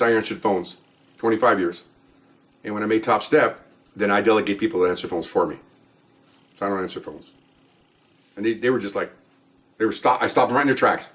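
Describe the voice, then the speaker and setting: A man's voice: mid-range voice, fairly quick, pauses often, a bit bright. A retired police detective in his fifties telling work stories in a casual monologue, acting out the dialogue in quoted voices.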